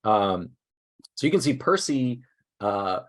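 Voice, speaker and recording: A man's voice: medium pitch, big pitch swings. Upbeat man presenting over a video call. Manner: upbeat, halting, self-deprecating. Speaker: presenter at a teacher workshop. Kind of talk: casual online workshop talk. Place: indoors at a desk.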